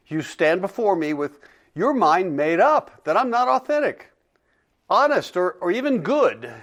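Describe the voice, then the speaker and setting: A man voicing a calm, direct divine judge who speaks in a measured, solemn way in a dramatic reading. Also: fairly high pitch, lightly acted.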